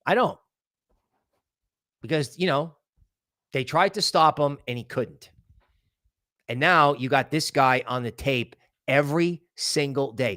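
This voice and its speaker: A man hosting a crypto livestream, giving market commentary in an excitable, rambling way and thinking aloud as he goes. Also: high-pitched, dry recording, studio quality. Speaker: crypto channel host.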